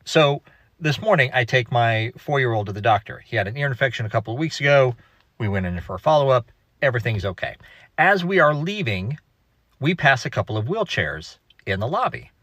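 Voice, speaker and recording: A man's voice: medium pitch, lively intonation, fairly quick, a bit bright, dry recording. A man telling a story to camera about his young son, acting out the dialogue as he goes.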